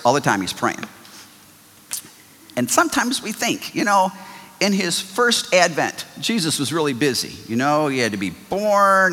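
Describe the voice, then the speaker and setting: A middle-aged man preaching a sermon as pastor, swinging from loud exclamations to quiet asides. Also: fairly high pitch. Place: church sanctuary. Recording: long hall reverb.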